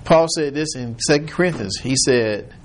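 A man's voice: medium pitch, moderate pace, a little hiss or hum. A man leading an informal Bible study, rambling as he retells scripture in quoted voices.

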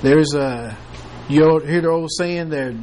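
A man teaching a small Bible study, his voice sitting slightly high. He moves between reading old scripture and telling the story again in his own playful, joking words. A faint hum of the room stays under him. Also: a little slow, darkish tone. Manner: reads scripture aloud then retells it with playful humor and laughter.

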